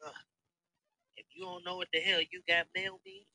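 A man in his thirties hosting a casual podcast, telling profane, animated stories. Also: sits high, moderate pace, dry recording, poor audio. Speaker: podcast host. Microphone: phone.

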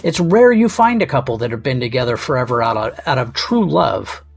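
A man's voice: medium pitch, sing-song, a little fast, vocal fry, faint music behind. A man hosting a comedy podcast, delivering a wry, rambling, self-mocking monologue.

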